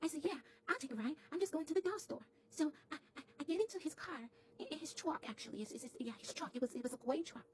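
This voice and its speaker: A woman's voice: high voice, lively intonation, fast talker, hardly any pauses. A woman voicing a sweet, chatty little girl doll who stammers and repeats her words as she tells a comic story to camera.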